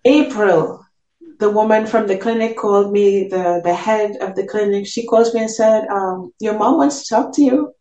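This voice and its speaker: Woman telling her testimony on a podcast, earnest, middle pitch, echoey room. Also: normal speed, dark tone, muffled recording. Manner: earnest, acts out quoted dialogue. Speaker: podcast guest. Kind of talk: personal testimony storytelling. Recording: roomy echo.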